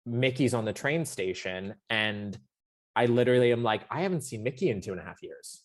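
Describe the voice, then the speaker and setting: A man's voice: medium pitch, fast talker. A young adult man, a podcast co-host, telling a story in a casual, emotional and rambling way. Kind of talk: casual chat.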